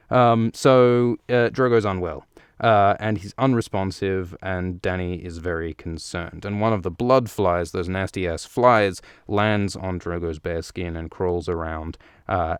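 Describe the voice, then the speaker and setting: Podcast host, very low smooth voice, jokey casual recap. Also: male voice, no echo, studio quality. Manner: joking, profane, rambling with fillers.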